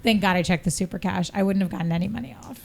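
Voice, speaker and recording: A woman's voice: mid-range voice, very fast, vocal fry, a little hiss or hum. A woman co-hosting a podcast, telling a story in casual chat and laughing often as she goes. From New York. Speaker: podcast co-host.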